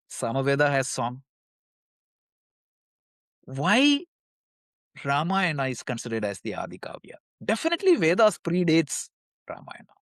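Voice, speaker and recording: A man's voice: medium pitch, dry recording, studio quality. A man teaching a live study class, who poses questions and answers them himself and recites verses in between.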